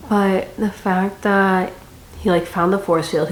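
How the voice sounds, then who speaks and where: A woman's voice: on the low side, fairly even intonation, measured pace. A young woman giving a casual, chatty book review with dramatic reactions and rambling asides. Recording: echoey room with faint noise.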